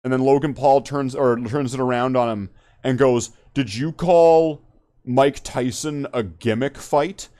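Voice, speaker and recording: A man's voice: medium pitch, a little slow, dark tone. Rambling, joking man on a podcast. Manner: rambling, joking, swears a lot. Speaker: podcast host. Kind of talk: casual profane chat.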